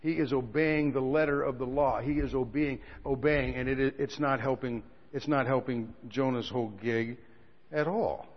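A man preaching a sermon, telling stories with quiet asides that build to loud outbursts. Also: medium pitch, steady tone, normal speed. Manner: storytelling, swings from quiet asides to shouting. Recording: dull lo-fi recording with a long hall reverb.

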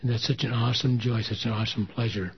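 Husky man leading an earnest prayer. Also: medium pitch, fairly even intonation, quick pace. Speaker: pastor. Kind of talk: sermon and closing prayer. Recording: dull lo-fi recording.

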